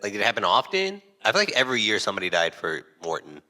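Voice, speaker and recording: Lively, bright-voiced young man. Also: on the low side, fast talker. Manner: joking storyteller who acts out quoted voices. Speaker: podcast co-host. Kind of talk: casual chat.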